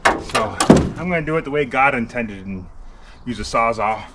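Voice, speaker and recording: Male DIY vlogger, mid-pitched, self-deprecating, commentary while working outdoors in wind. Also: lively intonation, normal speed. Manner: wry, self-mocking, mutters while working. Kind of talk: casual running commentary while wrenching.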